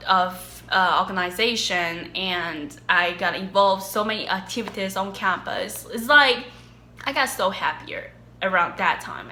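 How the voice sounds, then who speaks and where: Young woman, Chinese accent, bright tone, casual animated chat, echoey room. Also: mid-range voice. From China. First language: Mandarin Chinese. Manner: chatty, animated, laughs often. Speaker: vlogger.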